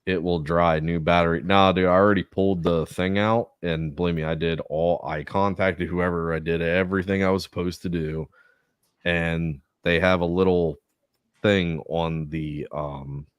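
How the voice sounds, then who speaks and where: A man with a very deep voice tells a rambling, swear-laden story in relaxed podcast chat. The sound is dry and close, with no room around him. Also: normal speed, clear, resonant tone, no room sound. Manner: profanity-heavy rambling storytelling. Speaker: podcast co-host. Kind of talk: casual chat.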